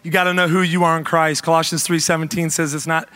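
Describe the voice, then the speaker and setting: High, bright-voiced joking pastor. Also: male voice, fast talker, hardly any pauses. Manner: animated, joking, preachy call-outs. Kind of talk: humorous sermon.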